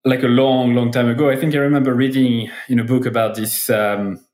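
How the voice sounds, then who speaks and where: A man's voice: mid-range voice, fairly even intonation, brisk, darkish tone, echoey room. A man hosting a marketing podcast in casual interview chat, playful and self-deprecating and heavy on fillers. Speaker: podcast host.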